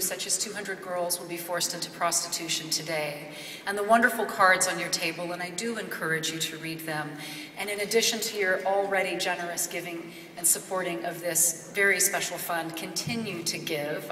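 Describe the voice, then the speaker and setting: A woman's voice: fairly low pitch, pushed and bright, slight background noise. A woman giving an earnest, off-the-cuff speech at a gala. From Kentucky. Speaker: gala speaker. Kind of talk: extemporaneous speech. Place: large gala ballroom. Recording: echoey hall from far off, faint ambience.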